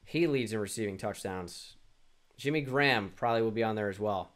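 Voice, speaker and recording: A man's voice: on the low side, fairly quick, a bit bright. A young man thinking aloud through a sports quiz, muttering, restarting and mocking himself. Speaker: gaming YouTuber. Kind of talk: casual self-talk while playing a sports quiz.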